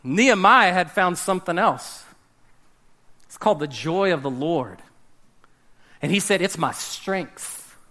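A man preaching a sermon, animated, swinging between loud emphasis and hushed, dramatic drops. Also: sits high, unhurried, long pauses. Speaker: pastor.

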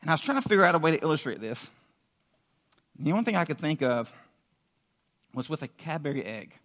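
A youth pastor giving a sermon in a lively, casual storytelling way, using props and questions to the room. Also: male voice, a little high, fairly quick.

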